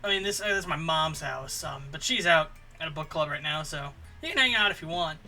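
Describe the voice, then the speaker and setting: Guy doing a chill slacker dude, lots of uh's, kinda high and bright. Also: animated, a little fast, soft background music, exaggerated voice. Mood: easygoing. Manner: laid-back, hesitant with fillers. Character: slacker young man living at his mom's.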